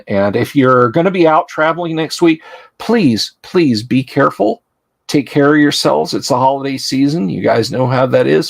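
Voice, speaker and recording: A man hosting a livestream as game master, talking in a chatty, loose way with lots of fillers. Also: on the low side. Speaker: game master and stream host. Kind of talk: live-streamed tabletop game narration.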